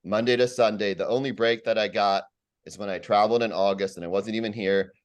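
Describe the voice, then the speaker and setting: A man's voice: fairly low pitch, fairly even intonation, fairly quick. A man giving a rambling, aggrieved public comment at a community meeting, full of fillers and repeated words.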